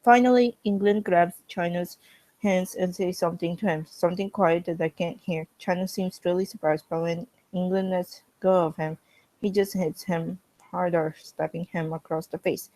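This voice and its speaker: With a fairly low pitch and moderate pace, a woman reads a fan story in character through a strained throat, stopping now and then to chat with viewers. Her delivery is steady, and the audio is poor and dry.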